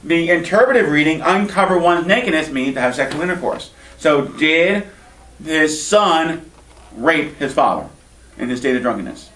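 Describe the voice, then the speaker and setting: A rabbi in a synagogue classroom gives a loose Bible lecture with wry jokes, his voice a touch high for a man. He is picked up from across an echoey room by a distant mic. A faint hiss runs underneath. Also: normal speed. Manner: lively, wry asides and joking. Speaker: rabbi teaching an adult class.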